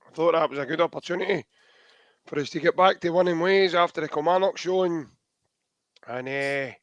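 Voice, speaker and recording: A Scottish man hosting a podcast in casual football chat, his voice hoarse and a bit rough. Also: a little high, fairly bright tone, no echo. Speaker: podcast host.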